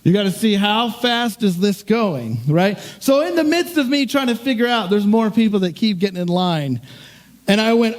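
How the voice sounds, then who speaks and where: Middle-aged man, pastor, high voice, casual storytelling sermon, self-deprecating, lots of restarts. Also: lively intonation, normal speed.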